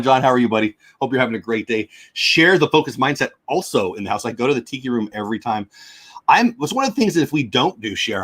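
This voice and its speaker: A man hosting a casual livestream, chatting with viewers and reading aloud with stumbles and rambling asides. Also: mid-range voice. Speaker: livestream host.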